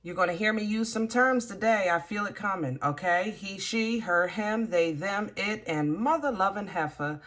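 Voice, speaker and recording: A woman's voice: medium pitch, expressive, normal speed, few pauses, a bit bright. Chatty woman giving a tarot reading. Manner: chatty, emphatic, with many fillers. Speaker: tarot reader. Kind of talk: casual tarot reading to camera.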